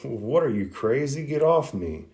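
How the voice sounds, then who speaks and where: Podcaster doing a brawling young cartoon ninja, shouty and exasperated. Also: male voice, mid-range voice, sing-song, unhurried, voice pushed up. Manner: yelling, exasperated. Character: rough angry young male ninja fighter.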